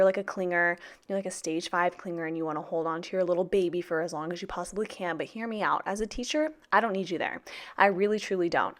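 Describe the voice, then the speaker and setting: Sassy, chatty young woman vlogger. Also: lowish voice. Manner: chatty, sassy, swears freely, many fillers. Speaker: teacher, planner vlogger. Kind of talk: casual planner vlog chat.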